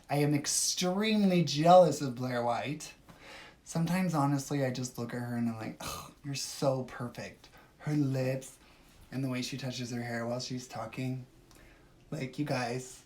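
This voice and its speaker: A woman's voice: very deep voice, darkish tone, a little hiss or hum. A woman hosting a casual phone livestream, chatting and answering viewer comments. She talks emphatically and swings between gushing and dismissive. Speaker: livestream host.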